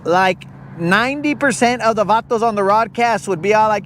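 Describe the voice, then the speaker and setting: A man with a high-pitched voice hosts a live fishing stream from outdoors on a lake. He chats in a slangy, teasing, joking way. A faint outdoor hum sits behind him. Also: expressive, moderate pace, a bit bright. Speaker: fishing livestream host. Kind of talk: casual chat.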